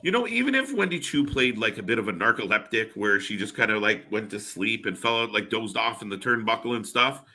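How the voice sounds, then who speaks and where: Bright-voiced chatty male stream co-host. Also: fairly low pitch, fairly quick, few pauses. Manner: chatty, fillers, animated reactions. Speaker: co-host of a wrestling watch party stream. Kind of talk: casual live reaction chat.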